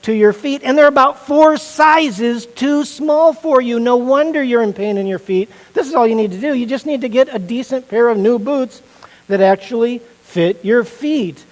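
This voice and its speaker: A man's voice: extremely high pitch, normal speed, in a large hall, voice pushed up, poor audio. A man voicing a blunt doctor who emphatically scolds a patient about his worn-out boots. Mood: scolding. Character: blunt, lecturing male Russian doctor.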